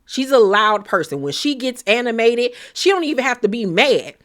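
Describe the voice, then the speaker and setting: A woman giving a blunt, profane, animated recap of a reality show in casual commentary. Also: fairly high pitch, normal speed.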